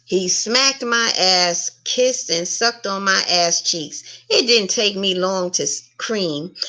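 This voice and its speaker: A woman reading an erotic story aloud in a frank, unhurried way, with blunt asides. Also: mid-range voice, pushed and bright. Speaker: reader of online stories.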